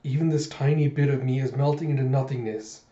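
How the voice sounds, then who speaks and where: A man's voice: medium pitch, steady tone, a little fast, dark tone, echoey room, distant mic, dull audio, close to an everyday voice. A man voicing a dying, bewildered male cyborg champion, murmuring his thoughts plainly.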